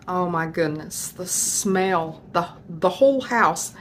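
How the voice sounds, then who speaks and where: A woman's voice: lowish voice, expressive, slow pace, few pauses, slight background noise. A woman hosting a home cooking video, talking in a chatty, folksy way as she shows a dish. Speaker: home cooking channel host. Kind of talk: casual cooking demonstration.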